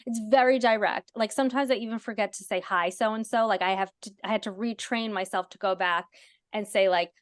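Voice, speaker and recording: A woman's voice: mid-range voice, brisk, no echo, clean studio sound. A woman hosting a podcast, telling stories animatedly with many "like" fillers. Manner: animated storyteller, lots of "like" fillers. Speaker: podcast host. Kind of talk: casual chat.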